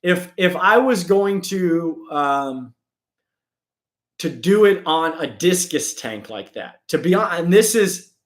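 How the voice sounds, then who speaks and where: Animated male host of a live chat stream, lively pitch, echoey room, keeps acting out other people. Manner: animated, acts out quick impressions of sellers and customers.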